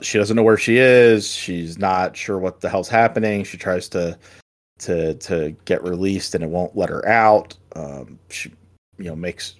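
A man hosting a casual movie chat, halting and repeating words as he starts sentences. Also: low-pitched.

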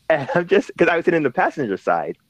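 Talking fast with huge pitch swings in a higher-leaning voice, this New Yorker rambles and laughs through stories as a podcast co-host, piling on fillers and restarts. The recording is dry, with a slightly dull lo-fi quality.

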